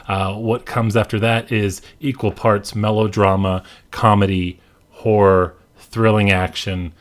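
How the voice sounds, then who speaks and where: A man's voice: on the low side, level tone, unhurried. A young man hosting a casual movie countdown, enthusiastic and repeating his praise often. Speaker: host.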